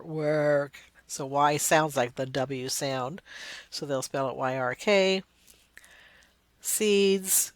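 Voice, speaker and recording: A woman's voice: low-pitched, dry recording. Woman lecturer, explanatory, sounds out example words, dry close recording. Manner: explanatory, demonstrates sounds by saying words slowly.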